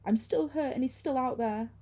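A woman's voice: high voice, moderate pace, warm tone, slightly rough, pitched above the performer's own voice. A woman doing a sobbing ghostly woman, pleading. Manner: tearful, begging.

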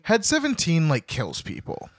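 Lively swearing man retelling a story. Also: on the high side, normal speed, no room sound. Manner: lively, swears, acts out characters in quotes. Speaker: podcast co-host. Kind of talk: casual chat retelling a book.

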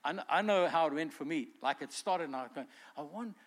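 A male pastor delivering a sermon, animated and emphatic, acting out quotes with rising force. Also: a little high, fast talker. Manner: animated preaching, voices quotes with swelling emphasis.

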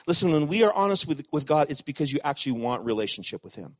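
A middle-aged man preaching a sermon as pastor, animated, swinging from loud emphatic lines to hushed asides. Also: fairly high pitch, quick pace, hardly any pauses, no room sound.

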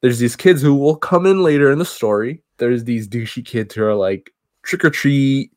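A man's voice: medium pitch, darkish tone, dry recording. A man co-hosting a podcast, casually retelling a movie plot in a rambling way. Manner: rambling retelling with quick acted quotes. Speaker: podcast co-host. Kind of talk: casual movie recap chat.

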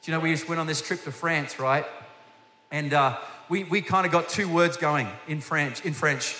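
A man's voice: on the high side, normal speed, bright, forceful tone. A man preaching a sermon as guest minister, telling stories with energy and putting direct questions to the congregation. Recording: echoey hall with faint hiss.

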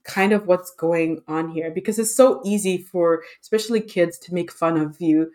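A woman hosting a podcast, talking in a chatty, expressive way with frequent fillers. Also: fairly low pitch, normal speed. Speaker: podcast host. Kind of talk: casual conversation.

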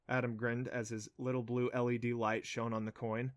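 A man reading a children's novel aloud as an audiobook narrator, in steady storytelling. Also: medium pitch, normal speed, few pauses, no room sound, studio quality. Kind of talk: scripted narration.

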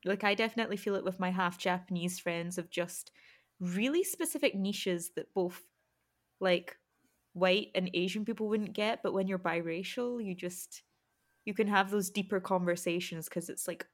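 A woman hosting a relaxed podcast chat at a middle pitch. She talks in a friendly, quick way and laughs easily. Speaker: podcast host. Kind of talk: casual podcast interview.

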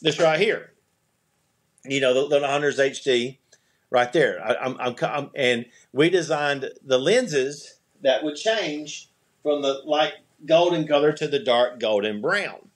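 Guest spot: man, slightly husky voice, casual rambling storyteller, restarts and chuckles. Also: mid-range voice, measured pace. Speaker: podcast guest, eyewear company CEO.

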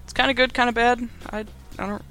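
A man's voice: extremely high pitch, steady tone, quick pace, pushed and bright. A young man giving a casual, rambling movie recap in slangy speech full of fillers. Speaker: video host.

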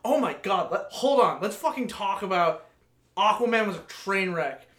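High-voiced man ranting in an echoey room. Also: moderate pace. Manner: animated ranting, frequent swearing. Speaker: podcast co-host. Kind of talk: casual chat.

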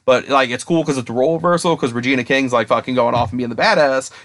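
Young guy on a podcast, talks super fast, swears constantly, all worked up. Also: mid-range voice. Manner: excited, heavy swearing, rapid rambling retelling. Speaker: podcast co-host. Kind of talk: casual chat.

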